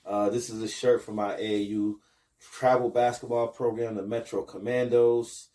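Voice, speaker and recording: A man's voice: medium pitch, normal speed, recorded from a distance. A man in his thirties from Buffalo, New York, hosting a casual podcast as a basketball coach and hyping up his viewers. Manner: hypes up viewers, rising excitement with promos.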